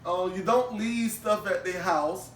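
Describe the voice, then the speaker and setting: Guy with a high voice telling stories on a podcast, laughing a lot, mic kinda far off. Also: unhurried, slight background noise. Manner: animated storyteller, laughs often, repeats words. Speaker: podcast co-host. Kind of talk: casual chat. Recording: roomy, distant mic.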